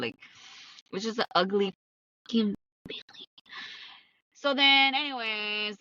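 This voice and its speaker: A woman's voice: lowish voice, pushed and bright, no echo, distant mic, highs cut off. A young adult woman hosting a podcast, talking bluntly in a casual monologue, swearing often and repeating herself for emphasis. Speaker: podcast host.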